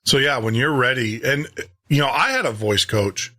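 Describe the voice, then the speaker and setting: A male show host with a bright, forceful tone and an ordinary middle pitch. He talks in a relaxed, conversational way, pausing often and circling back to restart his sentences. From Tennessee, US. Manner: halting, with frequent pauses and restarts. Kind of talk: casual chat.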